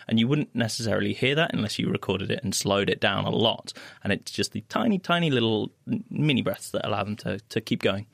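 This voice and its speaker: A man's voice: lowish voice, gravelly, fairly bright tone, no room sound, clean studio sound. A man on a radio science panel, explaining a point with fillers and repeated words.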